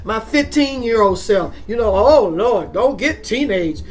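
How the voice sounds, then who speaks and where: A middle-aged woman hosting a podcast, talking in an animated, rambling, preachy way with swooping emphasis. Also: fairly high pitch, measured pace. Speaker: podcast host. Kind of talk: casual monologue.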